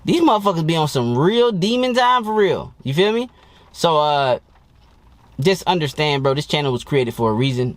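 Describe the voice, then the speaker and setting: A dating coach talking to camera in a blunt, profane and boastful way, in a casual monologue. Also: male voice, mid-range voice, dry recording.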